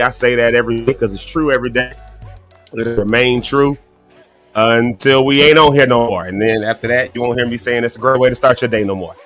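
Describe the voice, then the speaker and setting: A man hosts a live morning show in a folksy, chatty way. His voice is bright and sits at an average pitch, and his throat sounds rough from coughing. Faint music plays underneath. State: choking, throat clearing. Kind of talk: casual live show chat.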